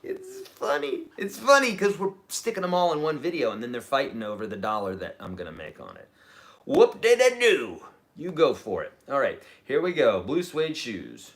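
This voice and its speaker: A man's voice: medium pitch, wildly swooping pitch, fairly quick, hardly any pauses, fairly bright tone. A man teaching a live-streamed guitar lesson, chatty and explaining, humming riffs as he goes.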